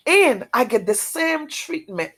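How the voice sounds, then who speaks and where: A woman tells her own testimony in a fairly high voice, unhurried and deliberate. Her speech is halting and repetitive, circling back to key phrases with earnest intensity. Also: big pitch swings, a bit bright, husky. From outside America. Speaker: testimony speaker. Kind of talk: emotional personal testimony.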